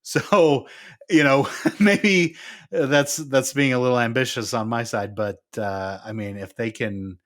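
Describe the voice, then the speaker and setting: A man co-hosting a casual gaming podcast, relaxed and teasing, laughing often. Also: on the low side. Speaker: podcast co-host.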